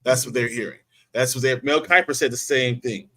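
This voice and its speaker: A man's voice: medium pitch, brisk, pushed and bright. A man hosting a casual sports podcast, relaying betting odds and news reports to his co-hosts. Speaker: podcast host.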